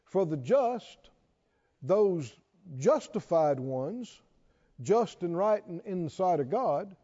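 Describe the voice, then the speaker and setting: A man's voice: high-pitched, mellow, highs cut off. A man preaching a sermon to a responding congregation, repeating questions and building to emphatic calls.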